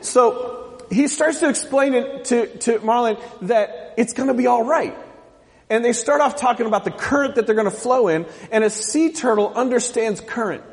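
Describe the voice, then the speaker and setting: A man's voice: extremely high pitch, moderate pace, big-room sound. A man from the US West Coast preaching a sermon as pastor, joking and asking the congregation questions. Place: church sanctuary.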